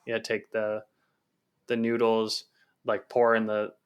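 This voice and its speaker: A man's voice: lowish voice, monotone, slow pace, clean tone, muffled recording. A man co-hosting a podcast in casual chat, laid-back, swearing freely and filling his talk with "um" and "like". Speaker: podcast co-host.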